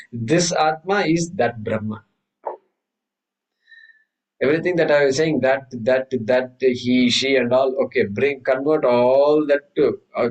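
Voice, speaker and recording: A man teaching a scripture class, telling stories with many restarts and reciting Sanskrit verses slowly. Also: medium pitch, poor audio. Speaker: Vedanta teacher. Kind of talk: spiritual class lecture.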